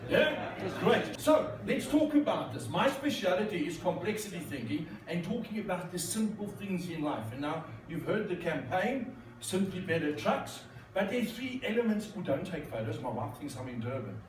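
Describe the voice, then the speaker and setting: A man's voice: on the high side, big pitch swings, normal speed. A man giving a joking keynote talk with magic tricks at a conference, teasing the audience. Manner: joking, playful, talks to the crowd. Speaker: corporate speaker and magician. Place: large conference hall. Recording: echoey hall, mic from a distance.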